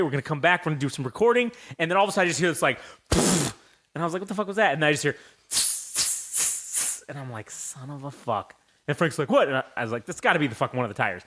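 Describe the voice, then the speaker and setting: Young dude podcast host, kinda high voice, swears a ton, rambly story mode. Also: male voice. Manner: profane, animated storytelling. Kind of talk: casual podcast chat.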